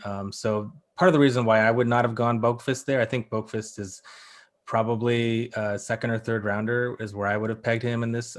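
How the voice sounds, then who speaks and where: A man with a fairly low voice chats as a podcast guest, opinionated and loose. He trips over his own sentences and hedges as he thinks aloud. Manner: opinionated, frequent restarts and hedges. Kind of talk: casual chat.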